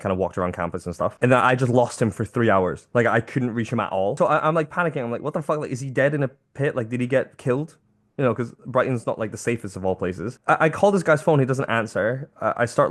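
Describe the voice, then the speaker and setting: Fast-talking young man telling a story. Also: on the low side. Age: young adult. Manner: animated storytelling, mimics friends' lines. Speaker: documentary interviewee. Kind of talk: casual anecdote.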